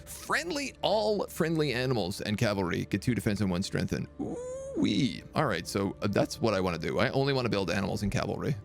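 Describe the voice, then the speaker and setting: A man's voice: lowish voice, fast, vocal fry, few pauses, soft background music. A man streaming a strategy game, chatting casually and reading game text aloud. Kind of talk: live gameplay commentary.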